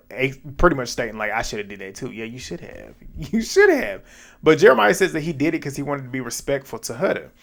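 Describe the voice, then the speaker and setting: Host, male, mid pitch, casual chatty recap with frequent laughs. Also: a bit bright. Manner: chatty, laughs often, drops quick asides.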